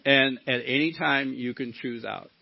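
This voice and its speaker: A man's voice: mid-range voice, unhurried, gravelly, no echo. A middle-aged man giving a candid personal share at a recovery meeting, swearing casually as he tells his story. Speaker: recovery speaker. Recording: dull lo-fi talk recording.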